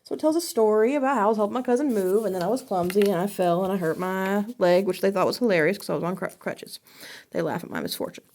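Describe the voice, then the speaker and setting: A woman's voice: mid-range voice, quick pace, a little mellow, a little hiss or hum. A woman teacher giving a recorded class lesson, talking casually and checking in often with "okay?".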